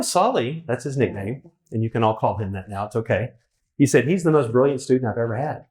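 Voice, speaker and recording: A man hosting a live onstage conversation, talking in a rambling way and correcting himself as he goes. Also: medium pitch. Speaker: host, interviewer. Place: event hall with audience.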